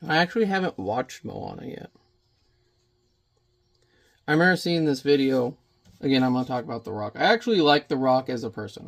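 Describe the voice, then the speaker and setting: A man chatting casually while he paints in watercolor, rambling and muttering to himself as he works. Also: medium pitch.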